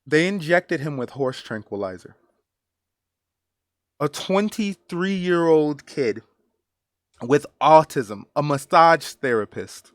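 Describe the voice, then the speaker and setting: A man giving personal commentary as a vlogger, earnest and emotional, halting and repeating phrases for emphasis. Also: a little high, lively intonation, dry recording, studio quality.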